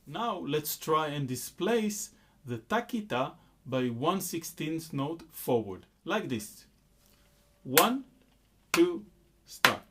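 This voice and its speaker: A man teaching a rhythm lesson at an unhurried pace. His voice rises and falls a lot as he explains, and he stops often to chant the syllables out loud. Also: on the high side, animated, slight background noise. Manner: slow, patient explaining, breaking into chanted syllables and claps. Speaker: music teacher.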